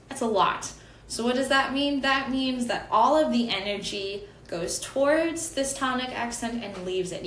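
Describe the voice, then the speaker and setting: A woman's voice: on the high side, a bit bright. A woman teaching a chant lesson in a chatty, casual way, correcting herself as she goes and dropping in small apologies. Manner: chatty, self-correcting, with little laughs and apologies. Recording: echoey room with faint background hum.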